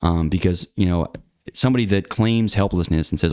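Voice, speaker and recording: A man's voice: deep voice, expressive, quick pace, darkish tone, no room sound. A man talking through his opinions in a rambling, blunt casual monologue, full of fillers and restarts. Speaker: channel host.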